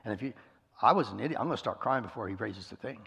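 Middle-aged male pastor, husky gravelly voice, folksy storytelling sermon, long hall reverb. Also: lowish voice, expressive, very fast, a bit bright. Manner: folksy, self-deprecating storytelling. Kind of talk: conversational sermon.

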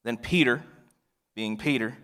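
A male pastor preaching a sermon, swinging from loud emphatic lines to hushed near-whispers. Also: mid-range voice, unhurried. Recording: long reverb of a large hall.

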